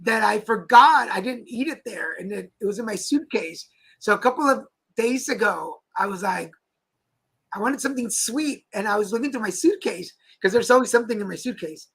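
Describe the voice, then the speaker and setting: A man's voice: high-pitched, expressive, normal speed, gravelly, fairly bright tone, slightly rough, rough recording. A man co-hosting a talk show, telling stories in a playful, chatty way with frequent laughs. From Mexico. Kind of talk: casual chat. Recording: live stream with faint background noise.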